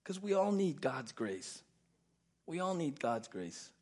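A man preaching a sermon as pastor, emphatic and repetitive, often dropping soft and low to stress a point. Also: very animated, takes it slowly.

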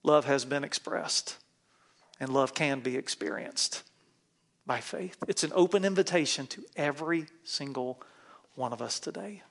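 A man's voice: fairly high pitch, measured pace, creaky. A man, a pastor, preaching a sermon in a church and leading the congregation in call-and-response. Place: church sanctuary.

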